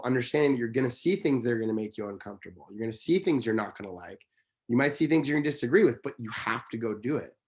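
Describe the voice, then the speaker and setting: Here a man being interviewed spins casual stories in an earnest, fervent, emphatic manner, rambling and self-correcting. His voice is medium-pitched, a little bright, and husky.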